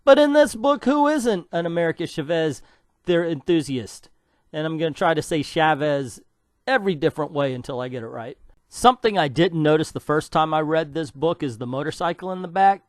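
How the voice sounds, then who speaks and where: A man's voice: on the high side, lively intonation, a little fast, dry recording, clean studio sound. A man reviewing comic books in a sarcastic, scornful rant.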